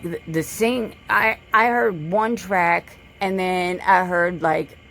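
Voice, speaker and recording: A woman vlogger with a lowish voice and vocal fry rants straight to the camera, blunt, profane and confrontational. She lectures, repeating her points for emphasis.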